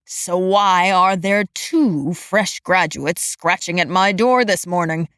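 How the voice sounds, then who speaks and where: A woman narrator voicing a gruff, aging male supervisor who growls and mutters slowly in a lowered voice. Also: animated, no echo, clean studio sound, close to an everyday voice. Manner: growling, muttering, slow and gravelly.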